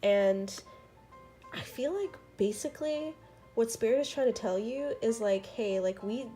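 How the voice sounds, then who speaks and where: A woman's voice: fairly high pitch, a little slow, faint music behind. Chatty young woman giving a tarot reading. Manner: chatty and earnest, many fillers and soft laughs. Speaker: tarot reader. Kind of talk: casual tarot reading vlog.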